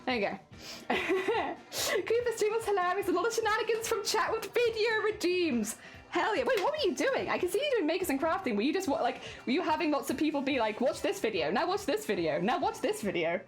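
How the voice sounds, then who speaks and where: A woman's voice: very high-pitched, very animated, brisk. A woman streaming live, chatting casually and playfully with her chat while she crafts.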